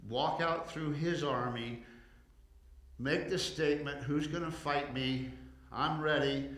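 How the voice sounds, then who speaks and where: A man's voice: on the high side, a bit bright, echoey room. A man preaching a casual sermon, retelling scripture in a conversational way with frequent restarts and acted-out quotes.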